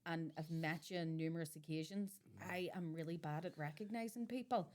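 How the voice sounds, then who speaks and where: A young woman with a Belfast accent, hosting a podcast and chatting casually, quick to agree and telling stories. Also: low-pitched, a little mellow. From Northern Ireland. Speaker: podcast host. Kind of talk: casual chat.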